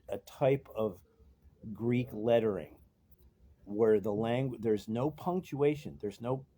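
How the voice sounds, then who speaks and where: A man's voice: medium pitch, warm tone, husky. A man giving an informal, rambling sermon-style talk in a cafe and bookstore, full of asides and restarts. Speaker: street preacher.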